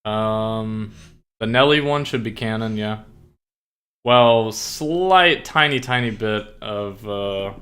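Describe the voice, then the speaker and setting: A young male streamer chats casually and rambles, filling his sentences with fillers. His voice sits fairly low but comes across bright and forceful, with a tense edge. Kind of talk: casual chat.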